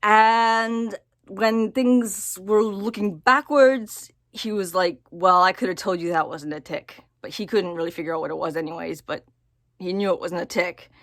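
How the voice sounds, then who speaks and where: A woman talking casually to camera in a personal vlog, halting and repeating her words as she thinks aloud. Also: mid-range voice, fairly bright tone, dry recording, studio quality. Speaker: vlogger.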